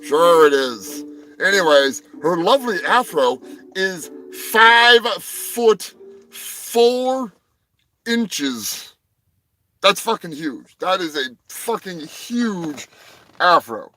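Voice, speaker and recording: A man's voice: a little high, big pitch swings, takes it slowly, sharp tone, soft background music, poor audio. A man hosting a rambling comedic livestream, crude and joking, often trailing off into mumbles. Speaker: livestream host. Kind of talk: rambling comedic live chat.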